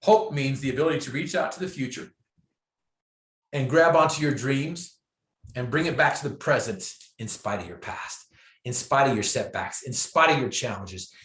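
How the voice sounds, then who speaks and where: A man's voice: mid-range voice, normal speed, a bit bright. A man telling his story as a motivational speaker, emphatic and repeating key phrases for effect. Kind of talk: inspirational storytelling. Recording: echoey room.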